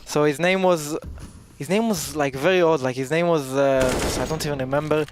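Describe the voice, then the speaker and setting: A man from Israel, a pro player chatting casually on an esports desk, halting and amused as he tells stories. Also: on the high side, steady tone, a little hiss or hum. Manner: halting, self-correcting, amused storyteller.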